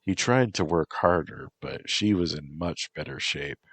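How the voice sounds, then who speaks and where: A man with a very deep, husky voice reads a story slowly and with measured calm. The sound is dry and close, with no room around it. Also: no echo. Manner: slow, measured. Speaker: narrator. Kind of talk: storybook reading.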